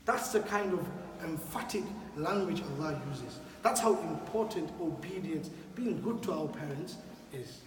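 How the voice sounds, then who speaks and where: Imam giving a sermon, highish voice, echoey from far off, keeps repeating himself for emphasis. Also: male voice, big pitch swings, measured pace, bright, forceful tone, slight background noise. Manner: emphatic, repeats key phrases, asks audience questions. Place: mosque hall.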